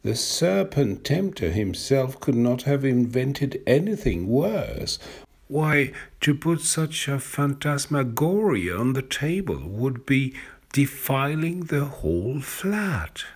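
A man's voice: medium pitch, very animated, slow, husky, voice pushed up, full character voice. A man reading a story aloud, voicing a middle-aged family doctor who hesitates and mutters in embarrassment. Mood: flustered.

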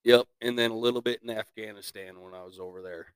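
A man's voice: fairly low pitch, steady tone, fast, smooth, no room sound. A man in his thirties, a podcast guest telling war stories in casual chat, swearing freely and acting out what others said. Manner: profane, laughing storyteller who acts out quotes. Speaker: podcast guest, equipment operator.

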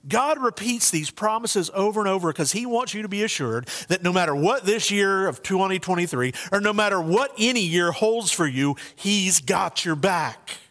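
A male pastor preaching a sermon in an earnest, conversational way, shifting between soft and emphatic delivery in a church sanctuary. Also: sits high, expressive, normal speed, hardly any pauses, long reverb tail.

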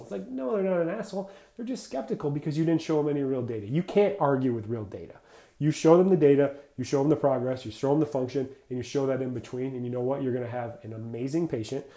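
A man talks through a casual podcast monologue in a mellow, darker voice. He is blunt and energetic, fills his talk with "like" and drifts from point to point. The room around him is echoey. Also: medium pitch, quick pace. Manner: energetic, blunt, rambling, says "like" often. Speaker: podcast host for clinicians.

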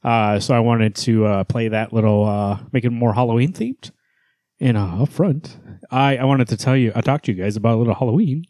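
A man's voice: medium pitch, fairly quick, dark tone, no room sound, studio quality. A man in his thirties co-hosting a podcast, rambling casually, laughing often and swearing now and then. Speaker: podcast co-host. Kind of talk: casual chat.

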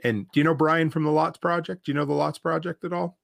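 A man's voice: fairly high pitch, steady tone, quick pace, gravelly, fairly bright tone, no room sound, studio quality. A man from Nova Scotia hosting a podcast, chatting with a guest in an easygoing, enthusiastic way. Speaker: podcast host. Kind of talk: casual interview chat.

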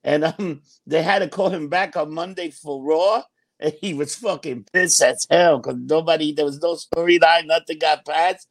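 A man's voice: a little high, moderate pace. A man in casual chat as a podcast co-host, profane and gossipy, laughing often.

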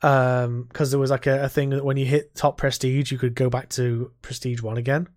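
Talking games on a casual podcast, this co-host tells his stories in an animated, meandering way, swearing a great deal. His voice is medium-pitched and his speed is normal.

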